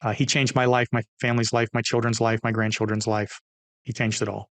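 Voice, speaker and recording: A middle-aged man, a guest on an interview podcast, telling stories in an energetic, animated way and acting out the dialogue. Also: medium pitch, a little fast, dry recording. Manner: energetic, animated storyteller who acts out dialogue. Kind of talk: interview storytelling.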